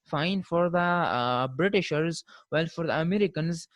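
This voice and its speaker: A man giving a recorded linguistics lecture, modelling word pronunciations slowly and checking in with "fine" after each point. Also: fairly high pitch, dry recording.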